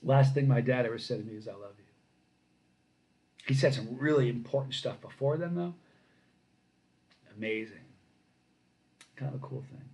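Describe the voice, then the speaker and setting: A middle-aged man hosting a casual live stream, reading viewer comments and telling lively stories that grow loud when he gets excited. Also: medium pitch, moderate pace, long pauses, rough recording. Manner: animated storyteller, rising loud when excited.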